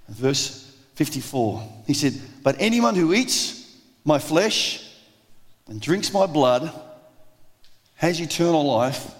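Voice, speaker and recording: A man preaching a sermon, lively and acting out the voices of the crowd. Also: medium pitch. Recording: long reverb of a large hall.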